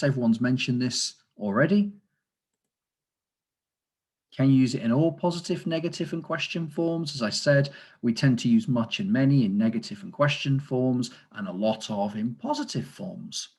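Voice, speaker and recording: A man's voice: mid-range voice, lively intonation, normal speed, a little mellow, breathy edge. A man, a teacher trainer, explaining grammar in an online lesson over a video call, with frequent fillers and asides about the chat.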